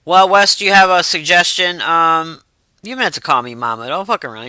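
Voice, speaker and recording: A woman's voice: deep voice, expressive, normal speed, bright, forceful tone, no echo. A woman hosting a livestream, chatting loosely and reacting to messages from her chat. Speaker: livestream host.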